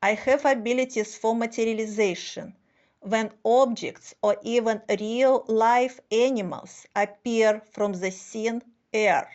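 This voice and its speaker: Slow deliberate woman, dull lo-fi sound. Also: mid-range voice. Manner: slow, deliberate, halting phrasing with non-native grammar. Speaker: spiritual speaker. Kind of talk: slow scripted monologue.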